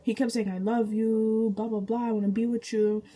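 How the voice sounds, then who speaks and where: A young woman, casually telling a storytime to her channel, animated and chatty, laughing often and jumping high in pitch with disbelief. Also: moderate pace, a little hiss or hum, rough recording. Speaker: vlogger.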